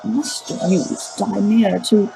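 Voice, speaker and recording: A woman's voice: mid-range voice, steady tone, takes it slowly, creaky, dark tone, faint music behind, poor audio. A woman voicing an earnest young male defense lawyer, reading his accusation and correcting slips. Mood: accusing. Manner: reading aloud, self-correcting.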